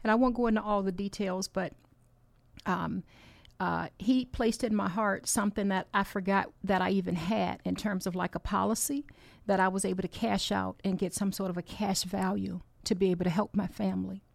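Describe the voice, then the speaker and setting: A woman's voice: mid-range voice, fairly even intonation, normal speed, creaky, no room sound. A woman hosting a podcast, giving a heartfelt, encouraging faith talk with personal stories that ramble and restart. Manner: earnest, heartfelt, exhorting. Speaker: podcast host.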